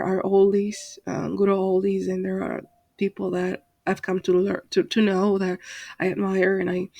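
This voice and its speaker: A woman vents to her channel in a casual, rambling way, full of fillers and restarts. Her voice is gravelly and flat, and she sounds tired and exasperated. The recording is dry and close. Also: mid-range voice, no room sound. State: tired, up late. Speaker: channel host, Second Life roleplayer. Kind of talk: casual rant to camera.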